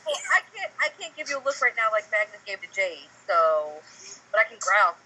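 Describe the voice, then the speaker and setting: A young woman chats on a fan podcast over a video call, flustered and self-deprecating. Her lively voice rises and falls a lot. It sounds very bright, with a husky edge. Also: mid-range voice, quick pace, poor audio. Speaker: podcast co-host. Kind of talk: casual chat. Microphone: computer mic on a video call.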